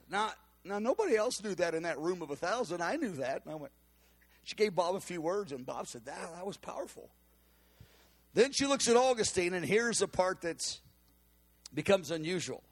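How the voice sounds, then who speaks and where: High-voiced man telling a sermon story. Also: moderate pace. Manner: animated storytelling, voices the people he quotes. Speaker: preacher.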